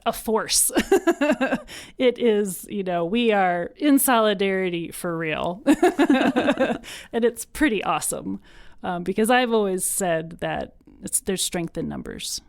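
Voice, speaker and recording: Low-voiced earnest woman guest. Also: smooth, no echo, studio quality. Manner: earnest, emotional at times, laughs. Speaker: podcast guest. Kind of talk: conversational interview.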